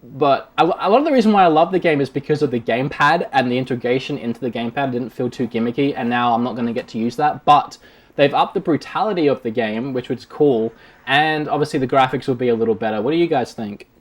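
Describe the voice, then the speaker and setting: A man's voice: medium pitch, quick pace. A man hosting a casual gaming news chat, steering the talk with questions. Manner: relaxed, leads the discussion with questions. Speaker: show host.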